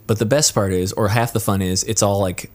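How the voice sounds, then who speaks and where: Rambling low-voiced man chatting casually. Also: steady tone, fairly quick. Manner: rambling, searches for words, laughs easily. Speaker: podcast co-host. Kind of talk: casual chat.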